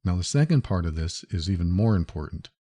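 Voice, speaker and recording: A man's voice: sits low, animated, a little fast, dark tone, slightly rough, no room sound. A man hosting a solo advice podcast, talking earnestly and reassuringly, thinking aloud with small restarts. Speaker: podcast host.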